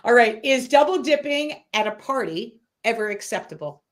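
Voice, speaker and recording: Woman host, high-pitched, chatty with lots of "um"s, talking over a video call. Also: animated, moderate pace. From Massachusetts. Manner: chatty, laughs often, many "um" fillers. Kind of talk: casual chat. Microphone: online video call.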